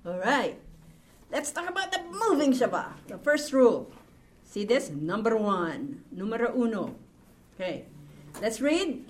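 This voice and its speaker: Slow, patient woman teaching a class. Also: a little high, big pitch swings. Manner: patient, repeats words for students, slow and deliberate. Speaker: Hebrew teacher.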